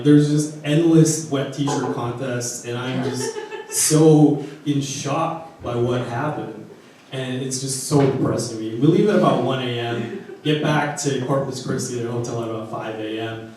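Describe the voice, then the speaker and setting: A man from Arizona tells a personal story in a casual, animated way. He slips into the voices of the people he quotes. He sounds far from the mic in a very echoey room, with faint ambient hum. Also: mid-range voice, normal speed.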